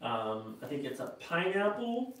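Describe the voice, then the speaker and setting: A man's voice: on the high side, big pitch swings, unhurried, a bit bright. A man from the United States acting as the show's coordinator, reading viewer comments aloud in an easygoing, joking way. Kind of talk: casual live-stream chat. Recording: distant echoey mic.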